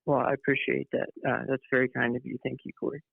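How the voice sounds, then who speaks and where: A male caller talks quickly in a friendly, slightly hesitant way. His gravelly voice comes through a tinny, dry phone line. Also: medium pitch, flat delivery, no room sound.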